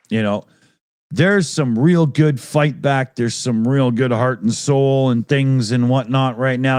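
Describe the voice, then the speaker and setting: A man's voice: medium pitch, no echo, clean studio sound. Rambling, profane man on a live stream. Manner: rambling, loose, profane, laughs often. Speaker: podcast co-host reading super chats. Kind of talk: casual live-stream chat.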